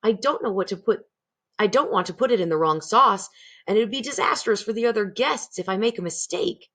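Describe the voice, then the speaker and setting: A woman reading aloud, voicing a kind, patient elderly grandmother who speaks gently and calmly. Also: medium pitch, fairly quick. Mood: warm. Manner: gentle, composed.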